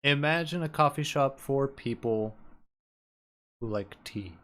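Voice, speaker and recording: A man in casual book club chat who retells the story in a deadpan way. He swears often and acts out the characters' lines with jokes. His pitch sits in the middle range. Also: a little slow. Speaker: podcast co-host.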